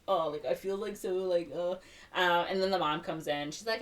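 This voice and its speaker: A woman's voice: fairly low pitch, a little fast, a bit bright, distant mic. A woman co-hosting a podcast, retelling a movie in a casual chat, heavy on filler words and acting out the characters' lines. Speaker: podcast co-host.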